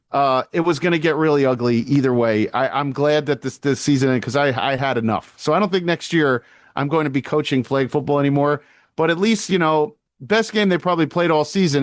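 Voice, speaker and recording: A male podcast co-host in loose, casual chat, telling his stories with lots of energy and plenty of swearing. His voice sits a little high for a man, and it is recorded close and dry with no room sound. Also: no room sound. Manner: animated storytelling, swears freely.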